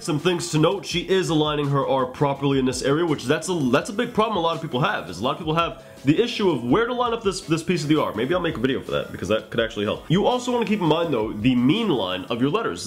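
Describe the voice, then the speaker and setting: A man's voice: fairly high pitch, very animated, fast, hardly any pauses. A man giving casual art critiques and tutorial tips, chatty and joking, with profane asides.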